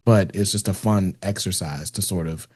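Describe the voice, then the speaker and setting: A man hosting a podcast, chatting in a relaxed, rambling way with lots of fillers. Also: sits low, normal speed, husky, no room sound, clean studio sound. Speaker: podcast host. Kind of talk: casual interview chat.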